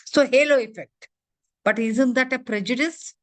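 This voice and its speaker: Running an interactive lecture in a classroom, this female corporate trainer fires quick questions at the class and keeps saying "you know" and "huh?". She has a high-pitched voice.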